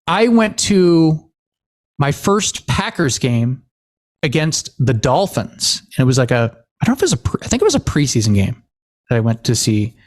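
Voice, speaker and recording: A man from Washington State hosts a casual podcast, his fairly high voice swinging up and down as he tells stories. He acts out the dialogue and fills gaps with lots of "like" and "uh". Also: moderate pace. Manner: animated storyteller, acts out quoted dialogue, many fillers. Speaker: podcast host.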